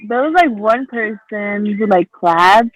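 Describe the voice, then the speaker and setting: A man with a high voice rambles on a casual podcast and strings his thoughts together with fillers. The sound is close and dry. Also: expressive, a little slow, fairly bright tone, no echo, low-quality recording. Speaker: podcast co-host. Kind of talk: casual chat.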